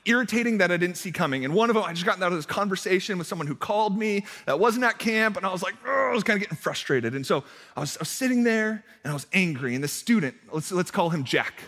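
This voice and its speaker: A young man leads a youth service with a casual, story-driven sermon. He speaks in a high, bright voice, tripping over fillers and restarts in a friendly, self-deprecating way. His words ring out with a long reverb from the church hall. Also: lively intonation, quick pace. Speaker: youth pastor.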